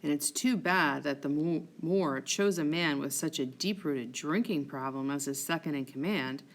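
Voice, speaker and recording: A woman voicing a serious male officer, measured and earnest. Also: sits low, voice pushed down. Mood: concerned.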